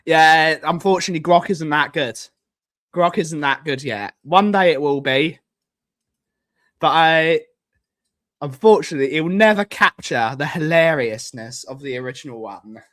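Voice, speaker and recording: A man's voice: on the high side, normal speed, a bit bright. A man hosting a casual live stream, rambling and joking and repeating himself as he clicks through things on screen. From United Kingdom.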